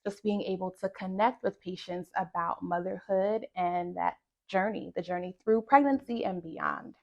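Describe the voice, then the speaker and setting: A woman's voice: fairly low pitch, normal speed, creaky, a little mellow, lo-fi sound. A woman obstetrician from Brooklyn introducing herself in an upbeat way at a round table. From Brooklyn, New York.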